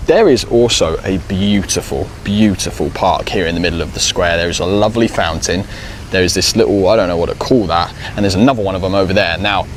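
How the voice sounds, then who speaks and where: Lower-voiced travel vlogger, enthusiastic, recorded outside with faint traffic. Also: male voice. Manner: enthusiastic, curious, narrating as he walks. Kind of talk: walking travel vlog. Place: outdoors in a town and a gas station.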